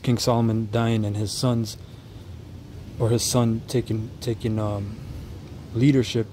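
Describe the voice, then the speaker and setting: A man giving reaction commentary on a street preaching clip, stumbling and restarting as he explains, then reading Bible verses slowly and deliberately. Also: on the low side, little pitch movement, noisy background.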